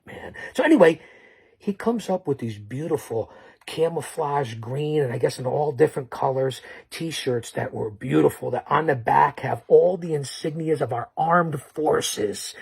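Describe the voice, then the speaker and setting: A man's voice: fairly high pitch, creaky, darkish tone, breathy edge. A man hosting a show on his own, recapping in a rambling, joking way and correcting himself as he goes. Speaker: show host. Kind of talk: solo recap of a talk show. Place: alone in a basement bunker.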